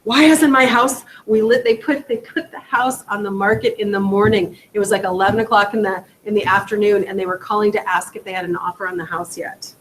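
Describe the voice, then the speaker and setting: A woman teaching a rookie real estate class, lively, acting out conversations with buyers and sellers and quizzing her students. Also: medium pitch, brisk, few pauses, slight background noise, poor audio. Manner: animated, acts out client dialogue, asks the room questions. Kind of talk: classroom training talk. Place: training room.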